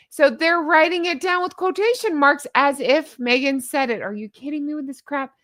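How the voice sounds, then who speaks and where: A woman's voice: high-pitched, normal speed, a bit bright, dry recording, clean studio sound. A woman hosting a commentary channel, talking in a sarcastic, exasperated, mocking way.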